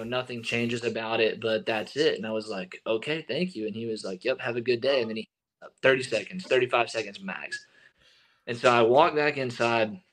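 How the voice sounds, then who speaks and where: A young man, a baseball pitcher being interviewed, telling a story in a relaxed way full of fillers and restarts. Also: slight background noise. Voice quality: relaxed, filler-heavy with many likes and restarts. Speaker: guest, baseball relief pitcher.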